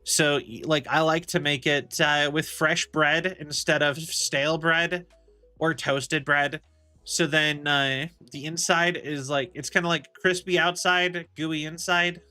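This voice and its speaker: A man's voice: on the high side, steady tone, unhurried, pushed and bright, soft background music. A man streaming a game, chatting casually and rambling with frequent laughs. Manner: rambling, chatty, laughs often, many restarts. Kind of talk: casual chat while gaming.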